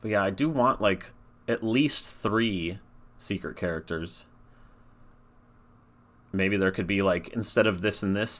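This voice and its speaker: A man's voice: sits low, a bit bright. A man casually commenting on his own game during a livestream, rambling and laid-back, with the odd swear. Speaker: game developer streamer.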